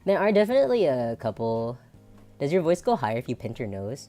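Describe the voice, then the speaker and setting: Very deep nasal androgynous woman. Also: big pitch swings, moderate pace, long pauses, warm tone, soft background music. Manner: chatty and rambling, laughing often. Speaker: streamer. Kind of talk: casual chat.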